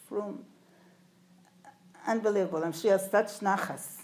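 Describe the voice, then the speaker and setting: A woman's voice: fairly low pitch, fairly even intonation, normal speed, long pauses, a little mellow. Woman telling stories in an echoey room. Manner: storytelling, puts questions to the audience. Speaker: speaker recalling her father before an audience. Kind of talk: anecdotal talk to a live audience.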